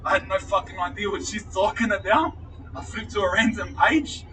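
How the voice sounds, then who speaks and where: A man's voice: high-pitched, normal speed, bright, forceful tone, far from the mic, slight background noise, rough recording. A man with an Australian accent casually telling a rambling story, swearing and laughing at himself.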